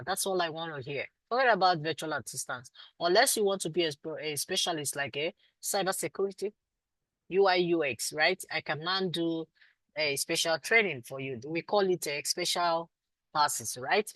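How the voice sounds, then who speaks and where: A woman's voice: sits low, moderate pace, fairly bright tone, dry recording, low-quality recording. A Nigerian woman teaching a live online class and answering students, affectionate with them but firm about doing the work. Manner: affectionate, calls students sweetie and my love. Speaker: instructor.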